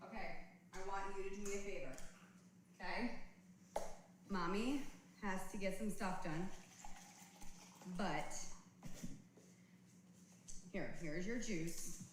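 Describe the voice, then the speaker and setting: A woman's voice: medium pitch, slow, long pauses. A woman, a mother at home, patiently coaxing her toddler in short simple phrases during a casual home video. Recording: roomy home with steady background noise.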